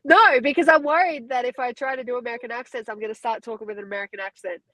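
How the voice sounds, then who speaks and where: A woman's voice: a little high, very fast, pushed and bright, dry recording, poor audio. A woman from Australia with an Australian accent, chatting casually as an interview guest and laughing easily. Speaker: guest, fighter.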